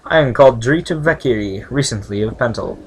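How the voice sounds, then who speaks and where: A man's voice: medium pitch, lively intonation, fast talker, slight background noise, natural voice, low-quality recording. A man voicing a wealthy, plump female servile who speaks formally and with dignity. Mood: proud.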